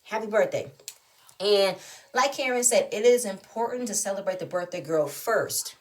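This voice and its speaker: Speaking at a normal speed in a mid-range voice, a woman casually and animatedly recaps and reviews a reality show. Frequently incredulous, she rattles off one rhetorical question after another.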